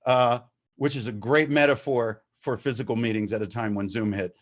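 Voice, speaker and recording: A man's voice: medium pitch, fairly even intonation, normal speed. A man telling his story at a recovery meeting over a video call, talking candidly, swearing freely and getting worked up as he goes. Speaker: recovering addict sharing at a meeting. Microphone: video-call microphone.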